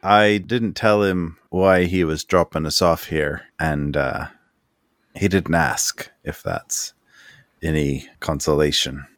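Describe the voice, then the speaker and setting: A man voicing a calm, composed woman leader who speaks politely and evenly. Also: a bass voice, takes it slowly, no room sound, clean studio sound, exaggerated voice. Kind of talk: voicing a character in a tabletop game.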